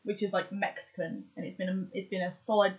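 A woman's voice: mid-range voice, fairly even intonation, a little fast, poor audio. A woman in casual podcast chat, running through examples with lots of fillers and restarts. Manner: chatty, lists examples with many fillers and restarts. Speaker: podcast co-host.

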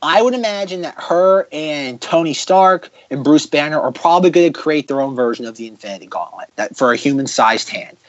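Sarcastic ranting man, slightly high voice. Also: expressive, no room sound, lo-fi sound. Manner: ranting, sarcastic, fast bursts. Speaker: podcast host. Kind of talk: casual podcast chat.

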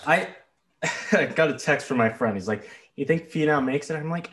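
A man co-hosting a casual sports podcast, animated and exasperated, swearing freely. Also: a little high, normal speed. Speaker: podcast co-host. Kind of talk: casual chat.

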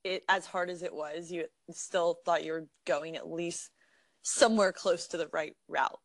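A woman's voice: on the low side, fairly even intonation, normal speed, no room sound. A young woman hosting a podcast, chatting casually, asking questions and laughing along. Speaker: podcast host. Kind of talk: casual chat.

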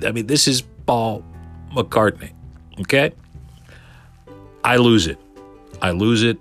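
Deep-voiced excitable middle-aged man. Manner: animated, excitable, stammering restarts. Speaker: podcast guest telling a story. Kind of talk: casual storytelling.

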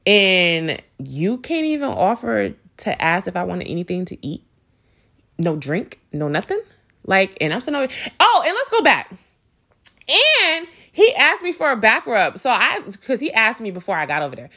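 A woman's voice: medium pitch, huge pitch swings, moderate pace, bright, forceful tone. A young woman telling a dating story as a casual storytime rant, swearing freely and sounding exasperated, with lots of "like" and "you know".

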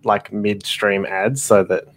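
A man's voice: lowish voice, steady tone, slow. Laid-back man chatting. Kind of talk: casual chat.

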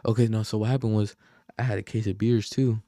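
Rambling young man, low mellow voice. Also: little pitch movement, fast, no echo, clean studio sound. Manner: rambling, slangy, profane, loses his train of thought. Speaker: podcast host. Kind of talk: casual storytelling chat.

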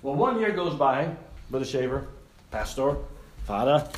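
A man's voice: medium pitch, sing-song, measured pace, far from the mic. A man preaching to a congregation, telling an illustration story with acted-out voices and laughter. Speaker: missionary preacher. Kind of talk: sermon illustration with audience participation. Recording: echoey room, speaker away from mic.

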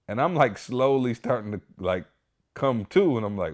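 A man hosting a podcast, telling a story in a casual, animated way, emphatic and full of "like" and "y'all". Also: fairly low pitch, normal speed. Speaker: podcast host.

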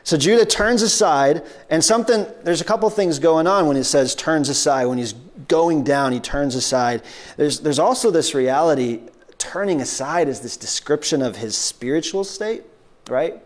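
A man preaching a sermon as pastor, conversational, with frequent restarts and quick acted-out voices for biblical characters. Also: on the high side.

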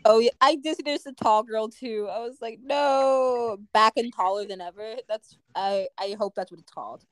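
A giggly young woman co-hosting a relaxed podcast, her thoughts drifting off halfway through. Her voice is dry and close, with no room around it. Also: medium pitch, a little fast, no echo. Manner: giggly, easygoing, trails off mid-thought. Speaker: podcast co-host. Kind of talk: casual chat.

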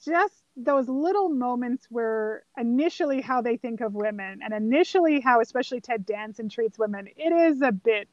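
A woman with a high, bright-pitched voice talks through a film in relaxed conversation, now and then slipping into the characters' lines. The sound is dry and close, a little dull in the highs. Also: moderate pace, hardly any pauses, no room sound. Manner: animated storyteller, acts out quoted lines. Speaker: podcast co-host. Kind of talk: casual film discussion.

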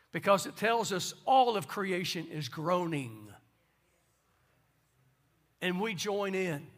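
A man preaches a sermon in a high, bright voice. He moves between hushed, conversational asides and ringing, emphatic declarations. He sounds like a pastor speaking to his congregation. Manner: preaching with swings from soft asides to loud emphasis.

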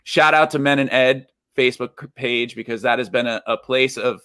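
A man's voice: medium pitch, normal speed, pushed and bright, no room sound, clean studio sound. A man hosting a casual podcast interview, asking encouraging questions. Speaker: podcast host.

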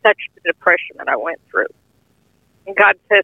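A woman's voice: on the low side, expressive, moderate pace, vocal fry, no room sound. Older woman telling testimony over the phone. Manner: earnest, heartfelt, informal grammar. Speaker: guest sharing a testimony. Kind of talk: personal testimony storytelling. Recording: tinny phone-line audio, dry.

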